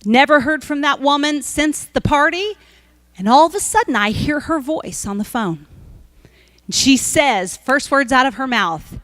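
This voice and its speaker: High-voiced woman preaching. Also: normal speed, no room sound. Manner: storytelling, emphatic preaching. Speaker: pastor. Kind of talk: sermon.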